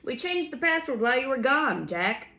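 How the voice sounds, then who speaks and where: A woman doing a high, trembling sentry. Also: big pitch swings, moderate pace, bright, forceful tone, heavily acted. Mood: soothing. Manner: soothing, cheerfully simple-minded. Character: high-voiced, trembling outlaw sentry man.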